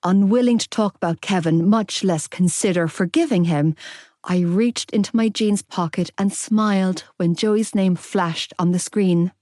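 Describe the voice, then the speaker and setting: A woman reads a romance audiobook in the first person with a slow, measured delivery. Her voice sits in a middle range and is recorded close and dry, with no room sound. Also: mid-range voice, no echo. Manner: measured, expressive reading. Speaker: audiobook narrator.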